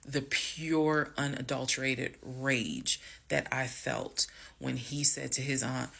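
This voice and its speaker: Animated gravelly woman telling a story. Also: very deep voice, slow pace. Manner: dramatic, animated storytelling with acted quotes. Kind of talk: storytime vlog.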